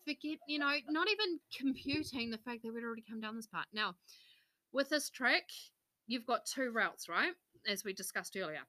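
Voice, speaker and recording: Bright, laughing woman storyteller. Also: a little high, moderate pace. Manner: swearing, laughing, animated storytelling. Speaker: podcast host. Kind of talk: casual storytelling chat.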